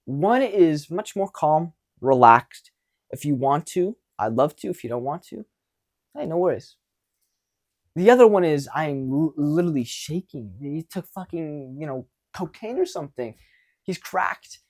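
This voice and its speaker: A young man coaching viewers on dating in a casual monologue, animated and blunt, with casual swearing. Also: fairly high pitch, unhurried.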